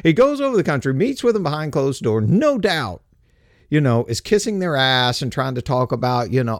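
A man's voice: on the high side, sing-song, a little fast, no room sound, clean studio sound. A man giving a casual, sarcastic political rant and mocking others' voices. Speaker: political commentator. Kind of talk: casual opinion monologue.

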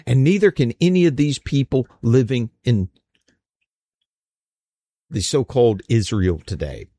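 A man's voice: medium pitch, expressive, measured pace, warm tone, dry recording, studio quality. An American man giving a casual opinion monologue, emphatic and rambling, with frequent restarts. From United States.

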